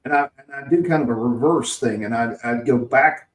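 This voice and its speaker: In a relaxed podcast conversation, a male host from Mississippi spins a lengthy work anecdote full of restarts and chuckles. He has a mid-range voice at normal speed, recorded far from the mic with a roomy sound.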